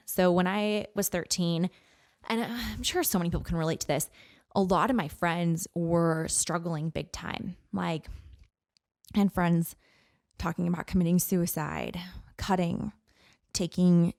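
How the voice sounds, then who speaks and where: Gravelly low-voiced woman in her thirties. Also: no echo, clean studio sound. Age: 30s. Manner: earnest, animated, frequent "like" and "you know". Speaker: podcast guest. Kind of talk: personal storytelling in conversation.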